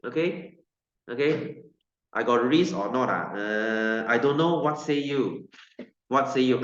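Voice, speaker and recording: A man's voice: mid-range voice, fairly bright tone. A man with a Malaysian English accent teaching a science class online in a playful, joking, chatty way. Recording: echoey room, slightly dull lo-fi sound.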